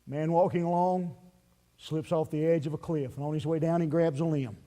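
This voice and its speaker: A male pastor delivers a sermon in a church sanctuary. His voice sits high for a man, and he moves from forceful emphasis to soft, hushed appeals. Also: fairly even intonation, moderate pace. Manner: emphatic, swinging from loud to hushed.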